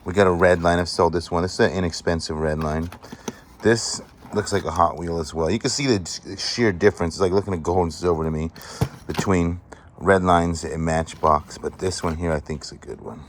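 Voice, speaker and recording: Deep-voiced man excitedly sorting finds. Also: normal speed, a little hiss or hum. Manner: excited, chatty, appraising items aloud. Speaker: vlogger sorting a storage unit find. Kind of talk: casual show-and-tell commentary.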